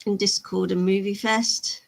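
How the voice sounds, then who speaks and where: During a casual miniature-painting livestream, a woman chats, laughs easily, and replies to chat comments. She has a creaky, mid-range voice with a level tone and a measured pace.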